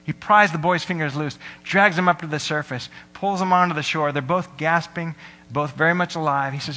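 Bright-voiced young man preaching in a reverberant hall. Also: on the high side, moderate pace. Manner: earnest storytelling with quoted voices. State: tired. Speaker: pastor. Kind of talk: sermon.

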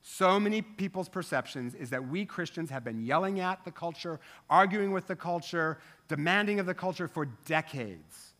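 Animated, bright-voiced male pastor preaching. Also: a little high, moderate pace, few pauses. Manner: conversational and animated, with asides to the congregation. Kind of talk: sermon. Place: church sanctuary.

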